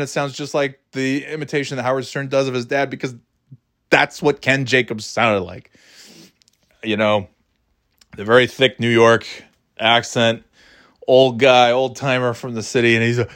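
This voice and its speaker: A man's voice: medium pitch, little pitch movement, moderate pace, fairly bright tone. A man in his forties telling a story from his school days in a rambling, profane, self-mocking way. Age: 40s. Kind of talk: casual storytelling.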